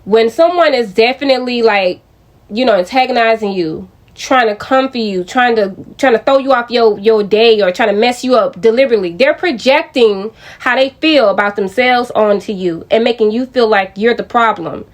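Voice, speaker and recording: A woman's voice: fairly high pitch, normal speed. Chatty young woman vlogging. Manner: chatty, addresses viewers directly, with frequent restarts. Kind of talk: casual storytelling to viewers.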